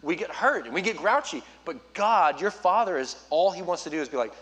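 A man preaching as a youth pastor, urging his listeners directly with an earnest, personal manner and quick asides. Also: fairly high pitch, lively intonation, a bit bright. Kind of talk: sermon.

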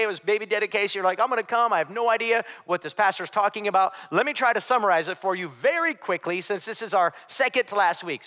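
A male pastor preaching to his congregation in a long-reverberant church hall. His voice sits high and bright, and he moves between emphatic points and chatty asides in an easygoing sermon style. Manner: emphatic, conversational preaching with side notes. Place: church sanctuary.

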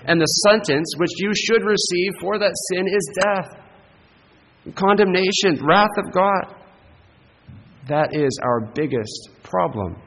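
A man's voice: on the high side, a bit bright, long reverb tail, slight background noise, poor audio. A man preaching a sermon as pastor, earnest and emphatic, often checking in with the congregation with a rhetorical "right?".

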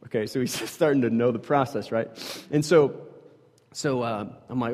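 A man with a slightly husky voice tells a long personal story about putting his kids to bed, full of fillers and restarts. He swings between loud stretches and hushed, almost whispered ones. His voice rings out with a long reverb, as if in a large hall. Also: mid-range voice, fairly even intonation, moderate pace. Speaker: father telling a personal story.

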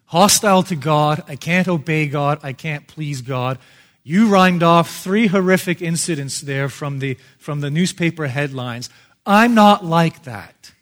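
Man putting on a defensive, self-satisfied churchgoer, quick confiding murmur, sermon setting. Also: on the high side, natural voice.

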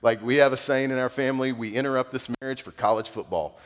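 Pastor preaching in a big hall. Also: male voice, medium pitch, fast talker. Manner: conversational, animated storytelling with laughs. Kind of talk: sermon. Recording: long reverb in a large hall.

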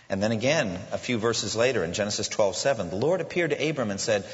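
A male pastor preaching a sermon emphatically, slowing down to stress his points, in a large church. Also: fairly low pitch, expressive. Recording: dull sound with long hall reverb.

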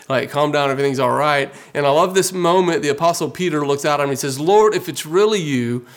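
A man delivers a sermon in a relaxed, conversational tone. He is earnest and talks plainly to his listeners, with frequent filler words. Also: medium pitch. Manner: conversational, earnest, many fillers like "you know". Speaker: pastor.

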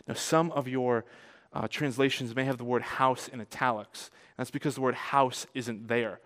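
A man preaching to his congregation in an easy, conversational way, his voice smooth and resonant. He tells the story with animated swings between loud and soft. A long hall reverb trails after his words. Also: mid-range voice, moderate pace. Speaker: pastor. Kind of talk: sermon.

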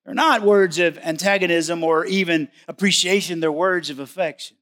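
During a church service, a pastor with a notably high, slightly bright voice preaches a sermon with emphasis, often repeating a phrase to drive it home. He keeps a moderate pace with few pauses.

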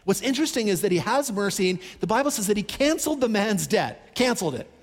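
A man preaching a sermon, telling a Bible story in an animated, conversational way and acting out the characters' pleas. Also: high voice, quick pace, big-room sound. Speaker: pastor.

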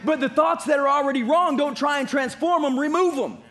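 A pastor delivers a sermon with a strikingly high-pitched male voice. He preaches emphatically, hammering home his points through repetition, as if speaking in a church. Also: fairly quick, a bit bright. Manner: emphatic preaching with repeated phrases.

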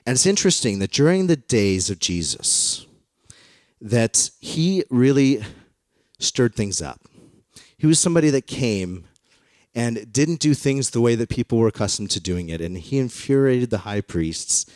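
Man preaching in a relaxed, storytelling way. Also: mid-range voice, unhurried, no echo, clean studio sound. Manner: conversational storytelling. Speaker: pastor. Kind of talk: sermon. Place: in front of a congregation.

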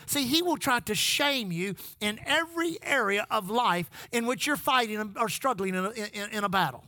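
An older pastor preaches in a high, bright voice. He stacks repeated phrases and calls out to the church for a response. The sound is dry and close. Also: lively intonation, moderate pace, hardly any pauses, dry recording. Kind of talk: sermon.

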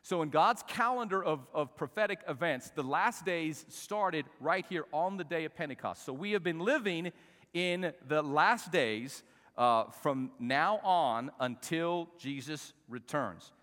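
A man preaching a sermon as pastor, shifting from soft conversational talk to raised, shouting passages and asking the congregation to repeat phrases. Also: fairly high pitch, expressive, measured pace, long reverb tail.

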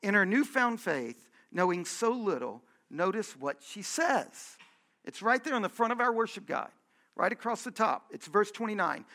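Male pastor, gravelly edge, conversational sermon with emphatic repetition. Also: high voice, sing-song, normal speed, pushed and bright.

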